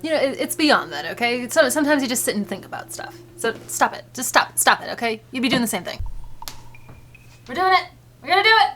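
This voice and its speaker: A woman's voice: a little high, lively intonation, fast talker, few pauses, a bit bright, faint music behind. A woman vlogging casually to her viewers, dramatic and self-mocking, repeating exclamations under her breath. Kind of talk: casual vlog talking to camera.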